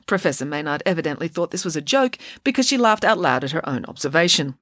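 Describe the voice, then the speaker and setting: A woman narrating a children's audiobook in a lively, expressive way. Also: low-pitched, fast talker, hardly any pauses, no echo, studio quality.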